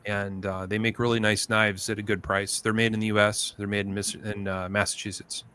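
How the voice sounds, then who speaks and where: Guy hosting a knife livestream, kinda low voice but bright, laid back storyteller. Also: level tone, fairly quick, slight background noise. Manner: easygoing storyteller, acts out quotes. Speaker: livestream host. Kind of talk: casual chat.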